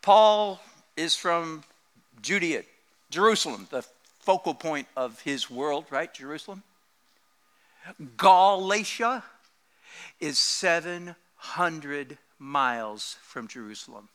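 A man delivers a sermon with a bright, forceful edge. His pitch sits high and swings widely as he jokes and laughs at his own asides. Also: slow, long pauses. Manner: animated, joking, laughs often. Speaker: pastor.

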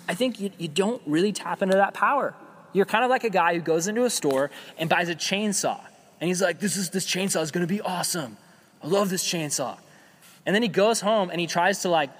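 A young adult man preaching a casual sermon as a youth pastor, conversational and animated, acting out quoted voices. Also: high-pitched. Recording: long hall reverb.

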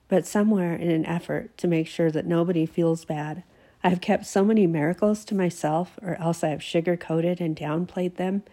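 A woman's voice: fairly low pitch, fairly even intonation, moderate pace, dark tone. A woman giving an earnest devotional talk to her listeners while sick with a fever and teary, emphatic and sometimes dropping to a whisper. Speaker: Christian devotional host.

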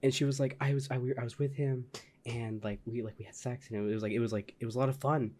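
A man's voice: mid-range voice, steady tone, quick pace, a little mellow. A man co-hosting a podcast, telling rambling stories in casual chat and laughing often. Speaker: podcast co-host.

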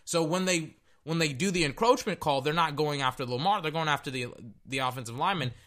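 A man hosting a sports podcast and ranting in a blunt, casual way. He swears freely and keeps circling back to the same point. His voice sits a little high and rings bright and forceful. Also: fast. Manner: blunt, profane, repeats himself. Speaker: podcast host. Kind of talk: casual sports reaction rant.

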